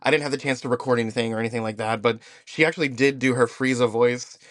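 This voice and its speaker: A man hosts a casual podcast, recounting his weekend with eager enthusiasm and frequent laughter. His voice sits at a middle pitch. The recording is dry and close, with no room sound. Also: fairly even intonation, fast talker, fairly bright tone, no room sound. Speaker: podcast host.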